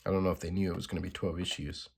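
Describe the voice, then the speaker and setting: A man's voice: low voice, flat delivery, racing, creaky, darkish tone, breathy edge. Laid-back man reading comics. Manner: laid-back, unsure asides. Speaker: comic book reader, channel host. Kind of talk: casual comic commentary.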